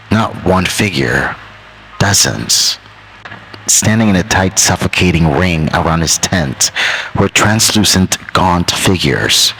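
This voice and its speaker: A man narrating a horror story in a measured, ominous way, drawing out key phrases. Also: low-pitched, sharp tone, slight background noise, poor audio.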